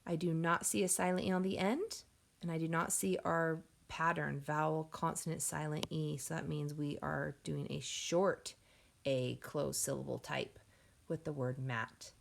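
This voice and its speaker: A woman teaching a phonics lesson to young children, sounding out words slowly and clearly and encouraging the class. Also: low voice, steady tone, slight background noise. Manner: encouraging, addresses class as friends.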